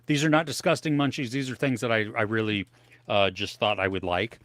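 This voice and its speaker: A man with a lowish voice hosts a casual live podcast stream, rambling between topics and snacks. The sound is dry and close, with no room in it. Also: fairly even intonation, fairly quick, a bit bright, no echo. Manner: rambling, tries snacks on air. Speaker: podcast co-host. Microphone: home office setup.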